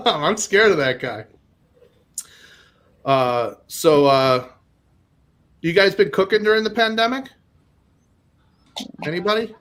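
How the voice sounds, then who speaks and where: A man in his forties performs a loose stand-up set, his voice sitting fairly high for a man. He rambles through stories full of fillers and restarts, mocking himself and chuckling at his own jokes. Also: lively intonation, slow pace, pauses often, a bit bright. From Minnesota. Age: 40s. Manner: rambling, self-deprecating, with nervous laughs and many fillers. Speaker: stand-up comedian.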